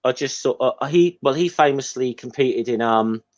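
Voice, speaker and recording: A man's voice: mid-range voice, moderate pace. Hesitant man rambling through commentary. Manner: hesitant, rambling, full of ums. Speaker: podcast co-host. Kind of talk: casual film commentary chat.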